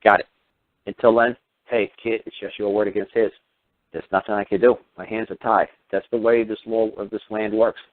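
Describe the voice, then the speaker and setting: A man's voice: on the low side, flat delivery, normal speed, no echo. A man delivering a heated radio rant, firing off combative rhetorical questions and swearing. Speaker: radio show talker. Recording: tinny phone-line radio audio.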